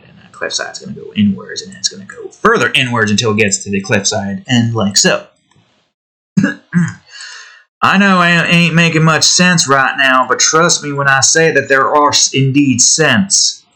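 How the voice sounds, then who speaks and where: A man's voice: medium pitch, expressive, moderate pace, sharp tone. An American man giving casual, rambling commentary while building a game, joking, swearing and talking to the objects on his screen. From United States. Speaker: hobby game developer.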